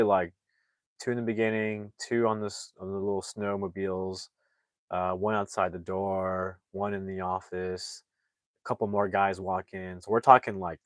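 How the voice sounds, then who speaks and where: A man reviewing a movie, retelling the plot in a loose, rambling way. His voice is fairly low, and he leans on filler words as he goes. The recording is close and dry. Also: no room sound. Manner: rambling, heavy use of "like" fillers. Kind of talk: casual plot recap.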